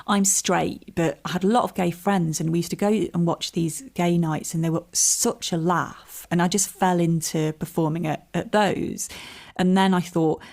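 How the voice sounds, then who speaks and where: A woman's voice: fairly low pitch, steady tone, normal speed, darkish tone. A woman, a comedian and writer chatting as a podcast guest, telling stories in a self-deprecating way with laughs. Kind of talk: relaxed interview chat.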